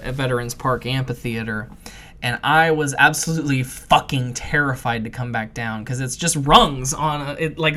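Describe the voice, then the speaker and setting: A man with a bright, forward voice talks through a personal story on a podcast. His phrasing is loose and rambling, with plenty of fillers and restarts, and he turns animated and laughing when he acts out his own moments of panic. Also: medium pitch. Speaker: podcast co-host. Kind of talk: casual storytelling chat.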